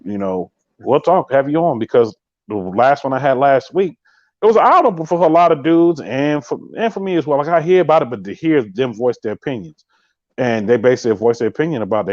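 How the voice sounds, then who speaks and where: A man hosts a live podcast and talks quickly and emphatically to his viewers. His voice sits at an ordinary pitch and sounds close and dry. The sound is a little muffled and lo-fi. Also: darkish tone, no echo. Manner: emphatic, repeats catchphrases, speaks straight to viewers. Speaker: podcast host. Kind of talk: casual live-stream chat.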